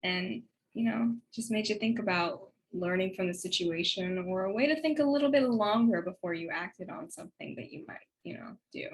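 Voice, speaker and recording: A woman delivers a heartfelt spoken tribute in a relaxed, conversational way. She sounds reflective and faith-based, and now and then she breaks into a soft laugh. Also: medium pitch, moderate pace, hardly any pauses, poor audio. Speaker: speaker giving a tribute.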